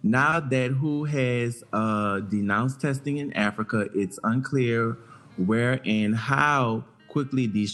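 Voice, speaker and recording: A man co-hosting a casual podcast, reading a news story aloud haltingly with stumbles and restarts. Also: medium pitch. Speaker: podcast co-host.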